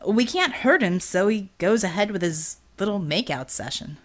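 A woman's voice: mid-range voice, animated, moderate pace, close to an everyday voice. A woman voicing a sardonic, wisecracking male gunslinger hero in an audiobook. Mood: wry. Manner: sardonic, dry quips.

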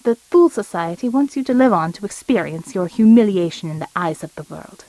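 A woman's voice: on the low side, lively intonation, brisk, warm tone, no room sound, low-quality recording. A woman voicing a cold, menacing male shapeshifting villain with a clipped German accent, read in a dry, close recording. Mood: gloating. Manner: icy, threatening.

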